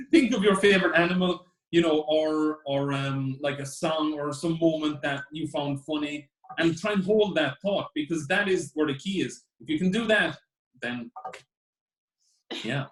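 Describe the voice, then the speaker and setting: A man with a slightly high voice chats as a co-host, rambling and enthusiastic, often trailing off into fillers. His voice rings out in a roomy, echoey space. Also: unhurried. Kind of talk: casual chat. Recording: echoey room.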